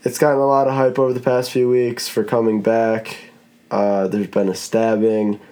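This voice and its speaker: A man's voice: lowish voice, level tone, moderate pace, dark tone. A man hosting a casual podcast chat, rambling in a laid-back way and swearing now and then. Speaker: podcast host.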